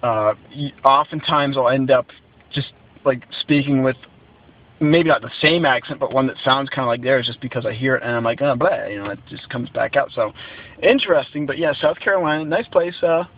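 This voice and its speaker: A man's voice: medium pitch, fairly quick. Man giving a rambling gas-station update. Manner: rambling, many fillers and restarts. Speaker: road-trip vlogger. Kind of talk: casual vlog update. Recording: dull lo-fi sound.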